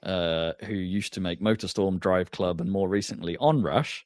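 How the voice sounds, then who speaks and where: A man's voice: sits low, fairly even intonation, moderate pace, darkish tone, dry recording. A man co-hosting a podcast in casual chat, rambling with lots of restarts and fillers. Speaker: podcast co-host.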